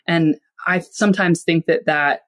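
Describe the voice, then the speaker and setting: A woman's voice: lowish voice, fairly even intonation, unhurried. A woman speaking as a podcast guest, explaining ideas in a casual, conversational way and acting out small everyday examples. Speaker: podcast guest, finance and psychology expert.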